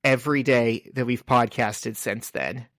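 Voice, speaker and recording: A relaxed man chats on a podcast, unhurried and leaning on fillers as he tells a story. His voice sits at an average pitch. The recording is dry and close-miked. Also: no echo. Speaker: podcast co-host. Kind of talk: casual chat.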